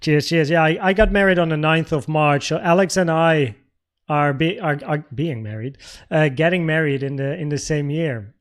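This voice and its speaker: A young Dutchman hosts a relaxed trading livestream, reading viewer comments aloud. His voice is fairly high and his speed normal, and he rambles, keeps restarting, and uses lots of filler words.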